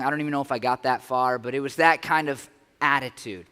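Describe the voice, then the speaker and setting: Speaking a little fast, this pastor has a mid-range voice with a sharp, clear, resonant tone. His sermon in the church sanctuary is earnest and conversational with frequent restarts, carried by long hall reverb.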